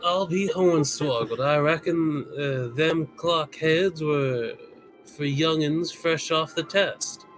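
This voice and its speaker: A man's voice: on the high side, takes it slowly, faint music behind, rough recording. Man reading lines in a playful Southern drawl. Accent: put-on Southern US. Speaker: co-streamer reading game dialogue. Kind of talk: casual stream chat with mock Southern character reading.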